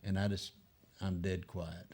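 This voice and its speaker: Older man telling animated stories. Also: sits low, unhurried. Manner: animated anecdotes, acting out other people's lines. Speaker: guest. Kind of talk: storytelling in casual chat.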